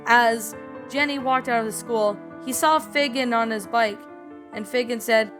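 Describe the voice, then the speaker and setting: A woman's voice: fairly high pitch, measured pace, a bit bright. A woman reading a fan story aloud in a casual way with a few slips, adding her own comments. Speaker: story narrator and reviewer. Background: background music.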